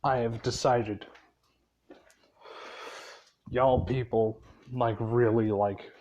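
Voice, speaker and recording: A man's voice: medium pitch, steady tone, drawn-out words, a little mellow, lo-fi sound. A tired man casually retelling a fan story, rambling with many fillers and a lot of swearing.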